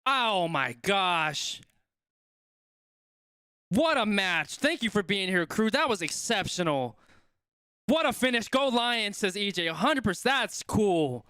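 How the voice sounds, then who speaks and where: Excitable man commentating a live stream. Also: high voice, slow, long pauses, smooth, dry recording, studio quality. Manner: excitable, repeats exclamations. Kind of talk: live watch-along sports commentary.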